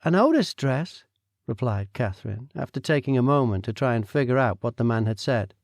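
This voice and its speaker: Gravelly wry male audiobook narrator. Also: mid-range voice, darkish tone, no room sound, studio quality. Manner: wry, measured storytelling.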